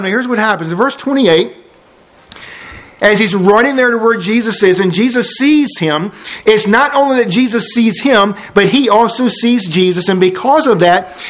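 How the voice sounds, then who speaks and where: High-voiced man preaching a sermon. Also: fairly bright tone. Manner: emphatic, repeats key phrases for effect. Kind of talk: expository sermon.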